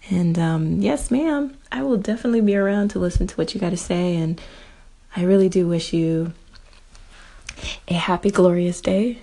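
Mellow, gravelly woman sending warm wishes. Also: lowish voice, normal speed. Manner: gentle, warm, affectionate. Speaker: fellow podcaster calling in. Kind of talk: casual voice message.

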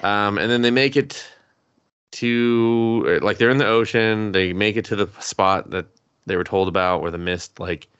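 A man co-hosting a podcast, casually recapping an anime plot with quick voiced quotes and some swearing. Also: fairly low pitch, smooth, dry recording, muffled recording. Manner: animated retelling with quick voiced quotes and laughs. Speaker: podcast co-host.

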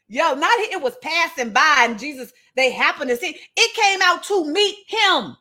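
A woman's voice: sits high, animated, moderate pace, hardly any pauses, sharp tone. A woman teaching a Bible passage in a casual, slangy, storytelling sermon.

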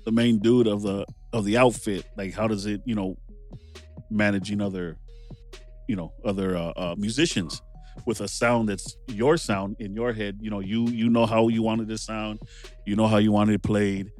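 A man's voice: lowish voice, steady tone, normal speed, darkish tone, soft background music. A man hosting a casual chat, asking long, rambling questions filled with "you know" and "like".

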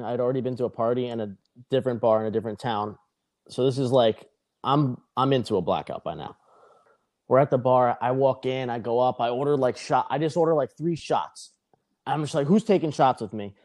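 Profane young man telling a wild story. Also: mid-range voice. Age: young adult. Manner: rambling, profane, animated retelling. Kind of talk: casual podcast storytelling.

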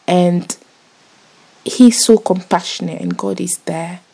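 A woman's voice: fairly low pitch, slow pace, warm tone, slightly rough. A young woman talking earnestly and casually to her viewers about faith, rambling with many fillers and restarts. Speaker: vlogger. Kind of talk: casual faith talk to camera.

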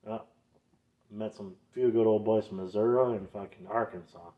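A man's voice: lowish voice, fairly even intonation, normal speed. A young man with a Minnesotan accent, telling loose, profanity-heavy stories in a casual podcast chat. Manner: loose, swearing, laughing storyteller. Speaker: podcast co-host. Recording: dull lo-fi sound.

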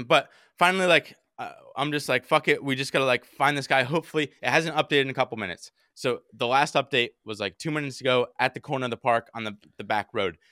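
Animated young man telling a story. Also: medium pitch, fast talker, few pauses, no echo, studio quality. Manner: animated, swears often, acts out quotes. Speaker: podcast co-host. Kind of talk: casual storytelling.

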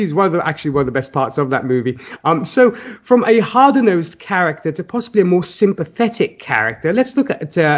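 A man hosting a podcast in casual chat, measured and hedging as he leads the discussion. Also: a little high, muffled recording. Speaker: podcast host.

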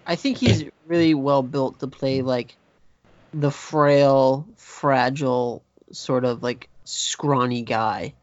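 A man's voice: medium pitch, fairly even intonation, takes it slowly, dry recording, lo-fi sound. A man co-hosting a film podcast, teasing and arguing with his friend in casual chat. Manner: teasing, argumentative. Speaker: podcast co-host.

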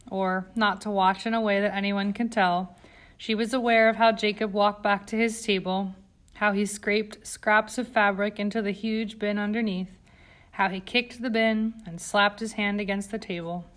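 A woman narrating an audiobook in a calm, even way. Her voice sits at an ordinary middle pitch. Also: normal speed. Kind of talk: scripted narration.

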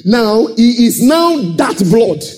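Animated preacher with sung shouts. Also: male voice, extremely high pitch, takes it slowly, faint music behind. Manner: animated call-and-response preaching, sudden shouts and sung phrases. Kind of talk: sermon.

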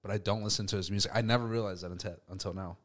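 A man's voice: lowish voice, fairly even intonation, very fast, a bit bright. A man co-hosting a music podcast, chatting casually. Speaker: podcast co-host. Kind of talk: casual chat.

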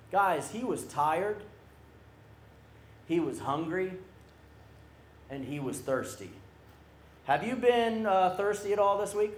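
A man with a high voice preaches slowly and deliberately to a youth camp crowd. He is animated and keeps calling on the audience to answer him. His voice rings out in a roomy hall with audible echo. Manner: animated, calls for crowd responses. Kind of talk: sermon.

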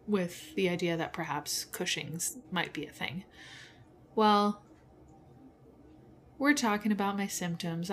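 A woman's voice: on the low side, a little hiss or hum. A woman hosting a personal podcast, venting her frustration in an emotional monologue with bitter laughs, close to tears at moments. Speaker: podcast host.

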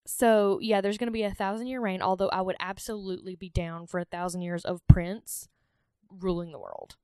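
Joking Southern woman, smooth dry voice. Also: mid-range voice, little pitch movement, normal speed, warm tone, no room sound. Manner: joking, sarcastic, laughs often. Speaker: podcast co-host. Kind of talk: casual irreverent chat.

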